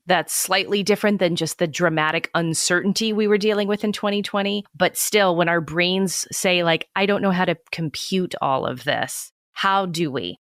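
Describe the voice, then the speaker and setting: Smooth-voiced woman podcast co-host. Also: fairly low pitch, fairly bright tone, no room sound, clean studio sound. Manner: thoughtful, reflective questioning. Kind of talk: casual podcast conversation.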